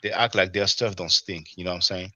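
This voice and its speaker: A man's voice: low voice, steady tone, a little fast, pushed and bright, dry recording. A man with a French accent hosting a casual livestream discussion, rambling and constantly tagging "you know what I'm saying". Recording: dry, slightly dull stream audio.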